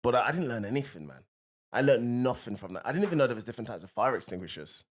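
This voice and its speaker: Animated man bantering. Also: medium pitch, very fast. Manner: animated, laughs often, teasing. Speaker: podcast co-host, comedian. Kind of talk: casual comedic banter.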